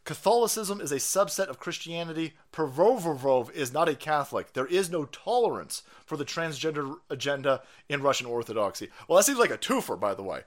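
Male stream host: profane political rant, sarcastic and loud, fairly high, very lively pitch. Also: fairly quick, few pauses. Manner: loud, crude, sarcastic, laughing.

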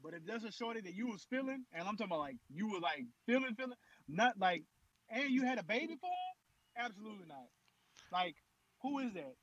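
A young man with a high, bright voice trades slangy banter in a casual podcast. A slight husk sits in his tone, and the recording sounds dull and lo-fi. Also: fairly quick. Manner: animated, laughing, slangy banter.

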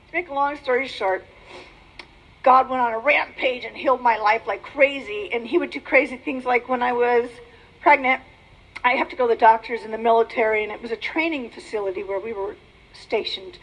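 Breathy high-voiced woman giving testimony. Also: poor audio. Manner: animated storytelling, acts out quoted voices; emphatic, preacher-like exhortations. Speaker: Christian speaker on pornography. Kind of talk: personal testimony and teaching.

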